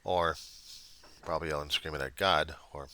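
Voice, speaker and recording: A man speaking in a rambling, self-deprecating video diary to a reverend, moving between quiet musing and loud outbursts. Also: low voice, normal speed. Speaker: video diarist addressing a reverend. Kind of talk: personal video diary monologue.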